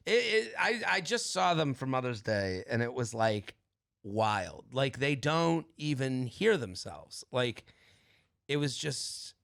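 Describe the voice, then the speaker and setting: A man in his thirties co-hosting a podcast in casual chat, telling animated stories and acting out his parents' lines. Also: medium pitch, takes it slowly, gravelly. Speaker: podcast co-host.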